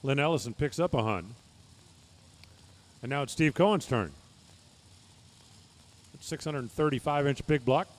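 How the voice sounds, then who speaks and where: A man's voice: mid-range voice, expressive, measured pace, long pauses. A man giving live drag racing commentary, reading times and speeds with folksy, joking asides.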